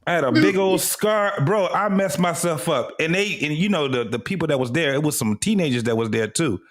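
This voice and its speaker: A young man with a high, very lively voice tells wild stories on a casual podcast. He keeps breaking into laughter, his pitch swinging up and down as he goes. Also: brisk. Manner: animated, laughs often while telling stories. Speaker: podcast co-host. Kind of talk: casual storytelling chat.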